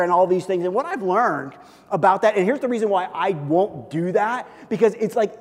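Animated male pastor in echoey hall. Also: sits high, moderate pace. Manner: animated, conversational, repeats "okay?" and "listen". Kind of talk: sermon. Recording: long reverb of a large hall.

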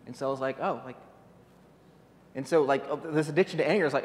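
Halting male preacher in a reverberant hall. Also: fairly high pitch. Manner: halting, repeats words and restarts often. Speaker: guest speaker. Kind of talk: informal sermon.

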